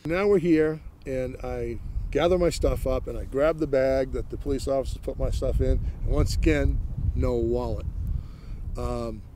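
A middle-aged man from Maine, interviewed about a police encounter, casually and plainly recounts what happened, repeatedly saying "he goes" and "I said" as he retells the exchanges. His voice is medium-pitched and steady at a normal speed, with background noise present.

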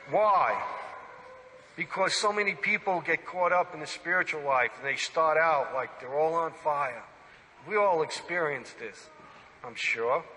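Priest, male, sermon; bright and forceful, emphatic, quizzes the congregation; church reverb. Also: fairly high pitch, slight background noise. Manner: animated, emphatic preaching with direct questions to listeners.

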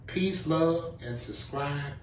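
A man's voice: a little high, slow, slight background noise. A man hosting his own channel, making an emphatic, preachy appeal and hammering his points again and again. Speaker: channel host. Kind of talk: direct-to-camera commentary. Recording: roomy, mic at a distance.

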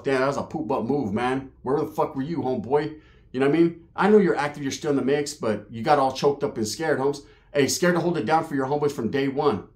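A man from Merced, California tells a street story to his channel. He talks in a rough, profane, slang-packed way, and his voice sits a bit higher than most men's. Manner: profane, slang-heavy, animated retelling. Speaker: YouTube storyteller.

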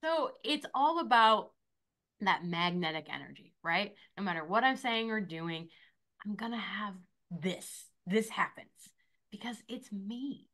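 A woman in her forties speaks as a podcast guest, bubbly and animated, slipping into the voices of people she quotes. Her tone is bright and ringing at a middle pitch. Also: unhurried. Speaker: podcast guest, esthetician and motivational coach. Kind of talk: energetic interview talk.

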